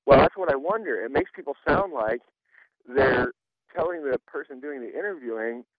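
A man's voice: mid-range voice, lively intonation, moderate pace, no echo. A man calling a radio show, venting in an exasperated way and repeatedly asking if he is understood. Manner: exasperated, repeats "you know what I mean". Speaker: caller. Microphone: phone. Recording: narrow phone line.

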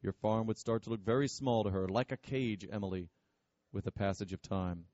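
A man voicing a stern, pompous wealthy father who speaks in a gruff, curt and scornful way. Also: fairly low pitch, a little fast, a little mellow, lo-fi sound, lightly acted.

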